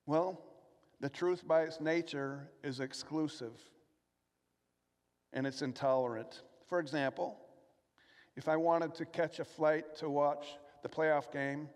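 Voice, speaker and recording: A man preaches in an earnest, steady way, moving between scripture reading and pointed rhetorical questions. His voice sits a little higher than most men's. A long reverb trails after his words, as in a large hall. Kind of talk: sermon.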